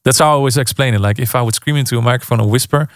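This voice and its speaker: A man's voice: medium pitch, very fast, no room sound, clean studio sound. A man hosting a radio show, interviewing a guest in a friendly, casual way with frequent agreeing remarks.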